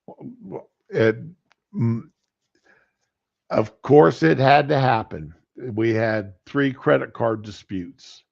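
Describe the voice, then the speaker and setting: A man with a deeply gravelly, rough-edged voice hosts a livestream and tells a story in a folksy, plain-spoken way. His pitch sits in a middling range. The stream audio is a little muffled and dull. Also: expressive, slow, pauses often. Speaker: livestream host. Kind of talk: casual storytelling.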